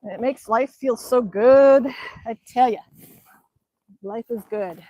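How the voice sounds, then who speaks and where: A woman's voice: a little high, takes it slowly, dark tone. A woman chatting casually on a live stream outdoors in winter, rambling with many ums as she reads the chat. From Alaska. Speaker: vlogger reading live chat. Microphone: phone camera.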